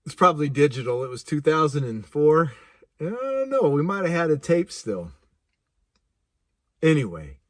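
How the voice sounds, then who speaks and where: A man telling a personal story casually, animated and laughing, with vivid sound effects. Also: fairly high pitch, normal speed, pauses often, dry recording, clean studio sound. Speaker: speaker.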